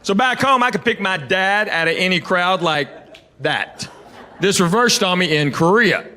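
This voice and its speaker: A man's voice: high-pitched, animated, normal speed, sharp tone. A middle-aged man doing a stand-up comedy set, telling stories and acting out the dialogue. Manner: storytelling, acting out dialogue with character voices. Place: large venue with live audience laughing. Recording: echoey live venue with crowd noise.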